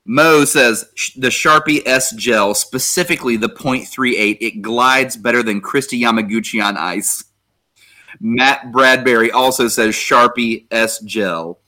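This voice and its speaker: A man's voice: mid-range voice, unhurried, sharp tone. A man hosting a casual podcast chat, enthusiastically reading listener comments aloud and swearing casually. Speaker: podcast host.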